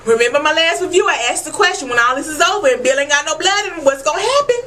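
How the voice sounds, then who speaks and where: A woman giving an animated, profane recap of a TV episode, talking straight to her viewers. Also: high voice, fast, slight background noise, poor audio. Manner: animated, profane and emphatic, addressing viewers as y'all. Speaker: TV episode reviewer. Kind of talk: casual TV recap vlog.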